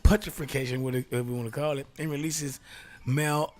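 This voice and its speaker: Hosting a laid-back solo talk show, this male radio host reads aloud and kids around, laughing a lot and ducking into whispers. His mid-range voice is quick, fairly even in intonation, and somewhat dark in tone.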